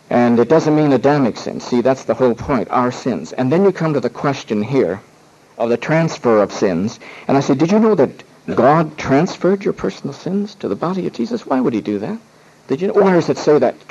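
A man gives an emphatic Bible lesson at a middling pitch, firing rhetorical questions and acting out objections. The recording is dull and lo-fi. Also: a little mellow. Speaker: Bible teacher. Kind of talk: teaching talk on witnessing.

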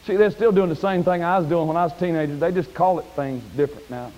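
A man preaching a sermon in a church, folksy and plain-spoken, climbing to high shouted peaks. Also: fast, highs cut off. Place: church sanctuary.

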